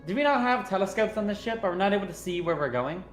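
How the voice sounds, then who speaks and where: A man's voice: sits high, animated, quick pace, soft background music. A man playing a tabletop game, asking question after question in a doubtful, incredulous way. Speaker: player. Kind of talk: tabletop game chat, in and out of character.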